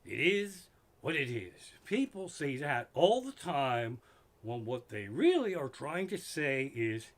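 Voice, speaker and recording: A man's voice: medium pitch, big pitch swings, takes it slowly. A middle-aged man, a stand-up comedian, doing an exasperated, profane comedy rant live from his living room. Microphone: microphone in front of him.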